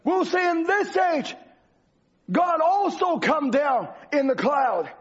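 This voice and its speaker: A man's voice: very high voice, animated, takes it slowly. A man preaching a sermon with an emphatic, repetitive cadence. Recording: dull lo-fi recording.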